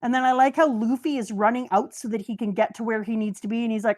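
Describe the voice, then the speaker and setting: A woman's voice: on the high side, fairly even intonation, fast, a little mellow. A woman hosting a casual chat, gushing and joking her way through an anime recap. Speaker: host.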